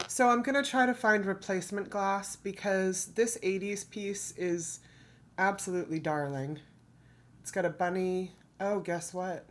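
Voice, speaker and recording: A woman's voice: medium pitch, unhurried. A woman from the United States chatting casually as she shows off her thrift finds, rambling and correcting herself as she goes. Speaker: thrift reseller vlogger. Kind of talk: casual haul chat.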